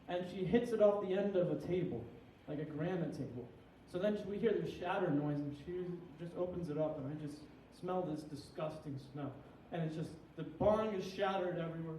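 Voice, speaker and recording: A young man with a fairly high voice does a rambling, crude stand-up set, a little tipsy and self-deprecating. He sounds set back from the mic in an echoey room, with a faint hum of ambience behind him. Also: dark tone. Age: young adult. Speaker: stand-up comic. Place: small comedy venue with an audience. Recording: echoey room, heard from a distance.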